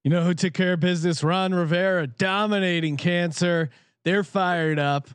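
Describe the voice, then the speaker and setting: A man's voice: high voice, steady tone, moderate pace, clear, resonant tone, no room sound. A man co-hosting a sports betting show, talking bluntly and swearing freely as he gives his picks. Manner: blunt and profane, candid picks. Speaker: sports betting podcast co-host. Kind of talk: casual sports betting chat.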